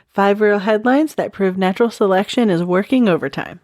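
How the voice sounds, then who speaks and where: Speaking a little fast in a mid-range voice, a woman hosts a comedic true crime podcast in a loose, chatty way. She's giggly and keeps dissolving into loud cackling laughter, and the audio is studio quality with no room sound.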